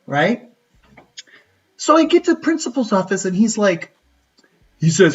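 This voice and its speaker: A young man from the United States tells a story in a relaxed livestream, animated and acting out the voices of the people in it. His voice sits a bit high. The sound is dull and lo-fi, and the mic is some distance away. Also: moderate pace. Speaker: college counselor, channel host.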